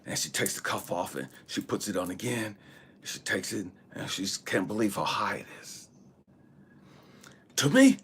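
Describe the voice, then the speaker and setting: A man hosting a spiritual channel, telling a personal story in an animated, emphatic way, swearing freely and sometimes dropping to a whisper. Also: on the low side, a little hiss or hum. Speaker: spiritual channel host and intuitive reader. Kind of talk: casual storytelling monologue.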